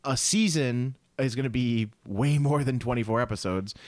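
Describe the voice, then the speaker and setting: A man's voice: mid-range voice, normal speed, no echo. A young man on a podcast, talking loosely with plenty of "like" and the odd curse. His voice sits mid-range and sounds close and dry, with no room around it. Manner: rambling, swears often, many fillers. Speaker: podcast co-host. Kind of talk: casual chat.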